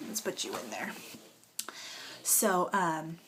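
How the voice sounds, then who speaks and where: A woman's voice: low voice, sing-song, slow, fairly bright tone, a little hiss or hum. A young woman telling her birth story as a casual home vlog, emotional and rambling with lots of fillers, holding a nursing baby as she talks. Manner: emotional, rambling with many fillers, tearful at times.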